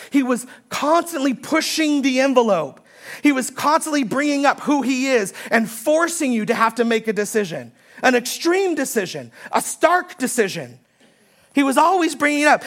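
A high-pitched woman delivers a Sunday sermon. She preaches emphatically, repeating her key points and building force as she quotes scripture. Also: lively intonation, brisk. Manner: emphatic preaching, repeating key phrases, rising when quoting. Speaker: pastor.

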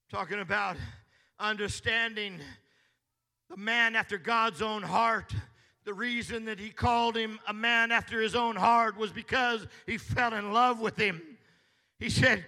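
Preacher guy, really high bright voice, gravelly edges, slow and loud in a big echoey church. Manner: slow, building from hushed to shouting. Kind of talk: sermon. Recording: long hall reverb.

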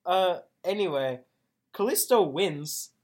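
A Canadian woman with a somewhat low voice co-hosts a podcast in loose, casual chat. She rambles, swears freely and often restarts her sentences mid-thought. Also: expressive, takes it slowly, darkish tone. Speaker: podcast co-host.

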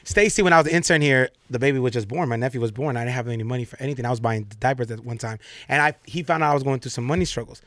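Fast-talking, bright-voiced young man in banter. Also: mid-range voice, no echo, studio quality. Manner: animated, profane, laughs often. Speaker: radio show co-host. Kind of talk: casual studio banter.

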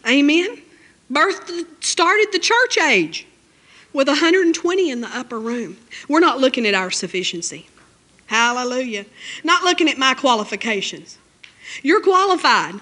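High-pitched woman preacher, emotional, fervent sermon delivery. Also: sing-song, measured pace, pauses often, pushed and bright. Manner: emotional, fervent, with frequent amens and hallelujahs. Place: church.

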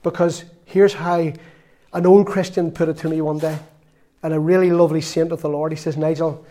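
Middle-aged Northern Irish lay preacher, slightly high voice, earnest anecdotal sermon. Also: male voice, little pitch movement, brisk, warm tone. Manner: earnest storytelling with quoted dialogue.

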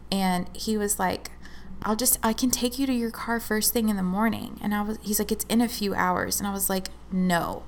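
A woman's voice: mid-range voice, fairly even intonation, brisk, a little hiss or hum. Chatty young woman telling a story. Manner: chatty, fillers of "like", acts out quoted dialogue. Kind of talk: casual storytelling chat.

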